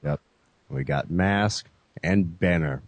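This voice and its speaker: A man's voice: sits low, takes it slowly, gravelly, no room sound. A man hosting a gaming podcast in casual chat, laid-back, calling listeners "folks" and leaning on "you know". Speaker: podcast host.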